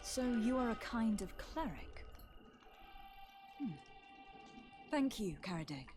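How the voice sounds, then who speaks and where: A poised game envoy. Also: female voice, on the high side, very animated. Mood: calm. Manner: polite, measured questioning. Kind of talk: video game voice acting. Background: game music.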